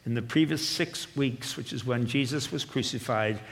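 A man's voice: medium pitch, moderate pace, vocal fry. Englishman preaching in a reverberant hall. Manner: dynamic preaching, swinging from loud proclamation to quiet asides. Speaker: pastor. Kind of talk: sermon. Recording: long reverb of a large hall.

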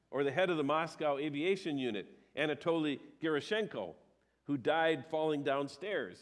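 A male pastor giving a sermon. He talks in a conversational way, with emphatic rises and some hesitations. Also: on the high side.

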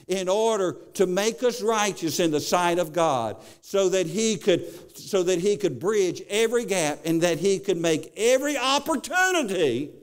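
A man's voice: high-pitched, smooth. A male preacher giving a sermon, telling stories and often repeating his words as he goes.

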